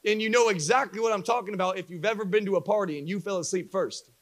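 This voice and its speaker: A young man preaching a sermon to a congregation, telling stories with lively acted-out voices. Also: high-pitched, fast. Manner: animated storyteller acting out voices for a live congregation. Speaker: pastor.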